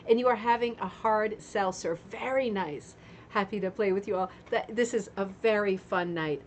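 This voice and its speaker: A woman's voice: medium pitch, moderate pace, slight background noise. A woman hosting a casual craft livestream from home, chatty and greeting viewers one by one while getting over a sore throat. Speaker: livestream host of a craft club. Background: fan running.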